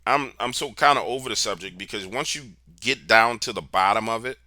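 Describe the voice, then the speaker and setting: Animated slangy man telling a story. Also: lowish voice, brisk, dry recording, clean studio sound. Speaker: interview guest, paranormal researcher. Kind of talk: casual storytelling.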